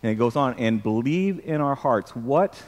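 A man's voice: mid-range voice, expressive, moderate pace, a little mellow, long reverb tail. A man preaching a sermon as pastor, emphatic, repeating words and drawing the congregation into responses.

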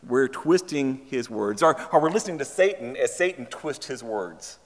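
A man's voice: medium pitch, lively intonation, moderate pace. Preaching man in a reverberant church. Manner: preaches with rising intensity, repeats words, asks the congregation questions. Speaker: pastor. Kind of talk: sermon. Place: church sanctuary.

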